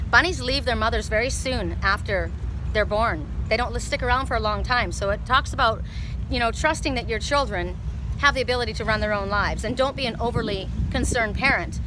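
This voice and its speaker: A woman's voice: a little high, background noise. A woman giving a casual tarot reading outdoors near a street, emphatic and repeating herself. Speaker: tarot reader.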